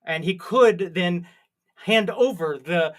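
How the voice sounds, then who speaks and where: High-voiced guy cohosting a crypto podcast, ribbing his buddy, laughs a lot. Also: slow pace. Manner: laughs often, teasing. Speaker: podcast co-host. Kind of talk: casual crypto chat.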